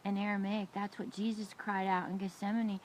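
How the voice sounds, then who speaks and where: A middle-aged woman co-hosting a faith talk show, telling an emotional personal story with lively, expressive delivery and asking her listener questions. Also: mid-range voice, brisk, low-quality recording. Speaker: ministry show co-host. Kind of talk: testimony and encouragement talk.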